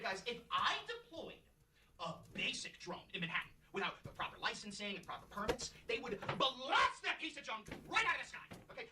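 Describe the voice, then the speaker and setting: A man's voice: very high voice, bright, forceful tone, far from the mic, rough recording. A man hosting a comedy show, delivering a profane, mocking scripted rant with heavy emphasis.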